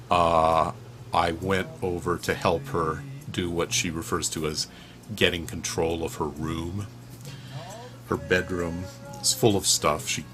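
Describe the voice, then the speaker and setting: A man with a very deep, low voice rambles through a personal vlog from his room at home. He digresses freely, swears, and stumbles through fillers and restarts. Clear music plays behind him throughout. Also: a bit bright. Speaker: vlogger.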